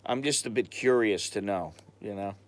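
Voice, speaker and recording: A man's voice: on the low side, moderate pace. American man, casual live-stream chat, rambling, blunt, stops to hunt for words. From United States. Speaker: expat vlogger answering live chat.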